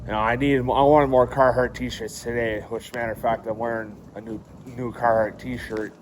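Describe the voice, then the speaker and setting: A man's voice: mid-range voice, little pitch movement, normal speed. A young man, chatting casually in a vlog, rambling with lots of fillers and frequent swearing. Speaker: vlogger. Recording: faint background noise.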